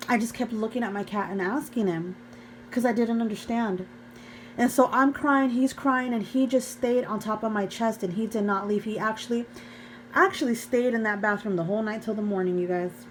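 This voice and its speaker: A woman's voice: on the high side, normal speed, a little hiss or hum, rough recording. A young woman vlogger earnestly telling an emotional personal story to her viewers, often calling them "you guys". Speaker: faith vlogger.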